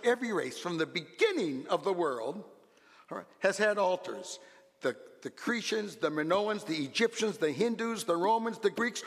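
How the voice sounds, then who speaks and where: A man preaching a sermon as a pastor, swinging from low asides to loud, animated exclamations. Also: long reverb tail.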